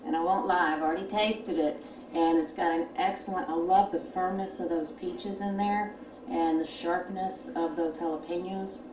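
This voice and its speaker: A woman's voice: on the low side, fairly even intonation, moderate pace. A woman co-hosting a home cooking show, tasting food and talking enthusiastically with her mouth full. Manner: enthusiastic, talking while eating. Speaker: co-host taste-testing. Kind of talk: casual cooking chat. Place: home kitchen. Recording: roomy kitchen, distant mic, clear background noise.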